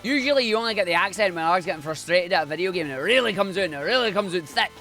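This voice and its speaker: A man's voice: sits high, lively intonation, racing, bright, forceful tone, faint music behind. A Scottish man from Scotland, a streamer chatting casually and slangily while he speedruns. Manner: chatty and slangy, rambling asides.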